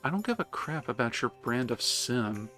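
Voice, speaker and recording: A man's voice: mid-range voice, sing-song, normal speed, sharp tone, soft background music. A man voicing a blunt, irreverent pirate woman while reading game dialogue aloud. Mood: defiant. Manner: blunt and dismissive.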